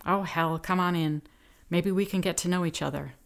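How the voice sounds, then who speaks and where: A woman's voice: fairly low pitch, normal speed. Woman voicing a drunk slurring judge. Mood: drunk gruff. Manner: slurred, gruff barking. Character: drunk slurring middle-aged male judge, crude.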